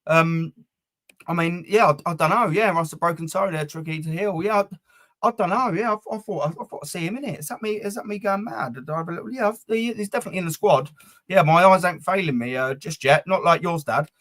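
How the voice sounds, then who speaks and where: A man's voice: sits high, fast talker, fairly bright tone. A man hosting a football fan live stream, rambling and swearing freely as he chats to his viewers. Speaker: football fan channel host. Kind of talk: casual live-stream chat.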